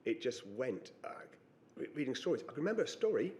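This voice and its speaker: A middle-aged man giving personal testimony on a panel, halting and reflective with pauses and fillers. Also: mid-range voice, big pitch swings, darkish tone. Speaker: panel witness.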